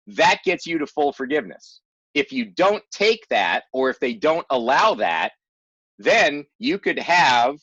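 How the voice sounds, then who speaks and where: A man's voice: mid-range voice, fairly bright tone, no room sound. Man explaining in a dull lo-fi webinar. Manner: emphatic, rereads and stresses key phrases. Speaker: tax and loan advisor presenting a webinar. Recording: dull lo-fi webinar audio, dry.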